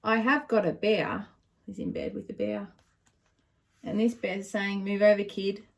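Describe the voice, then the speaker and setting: Aussie lady reading picture books to kids, lively, keeps asking questions. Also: medium pitch, measured pace, creaky. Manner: animated, asks the listening children questions. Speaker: children's storyteller.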